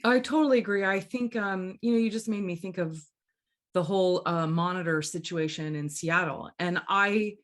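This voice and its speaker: A woman's voice: lowish voice, moderate pace. A woman opera singer co-hosting a podcast, telling a story in casual chat, candid and emotional, swearing freely.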